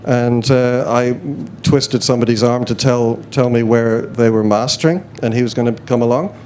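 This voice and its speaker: A man's voice: mid-range voice, fairly even intonation, normal speed, a little mellow, slight background noise. A man being interviewed on stage at a festival, talking in a rambling, self-deprecating way full of hesitations. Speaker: interview guest, musician. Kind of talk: casual live stage chat. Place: festival chat tent before an audience.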